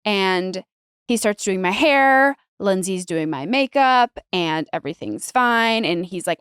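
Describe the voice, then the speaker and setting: A woman telling a wedding story in casual chat, animated and swearing freely. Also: medium pitch, normal speed, smooth, no room sound, clean studio sound. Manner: animated, swearing, acts out quoted voices. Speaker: podcast guest, bride telling her wedding story.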